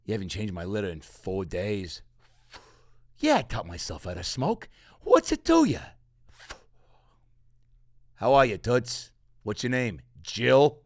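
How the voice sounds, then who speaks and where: A man voicing a jaded, judgmental house cat who drawls sarcastic scolding in a gravelly voice. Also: on the low side, no room sound, studio quality, heavily acted.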